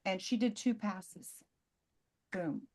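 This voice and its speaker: A woman recounts stories on a video call in a casual, animated way, her voice sitting at an ordinary middle pitch. She talks in quick bursts and leans on each punchline. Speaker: presenter.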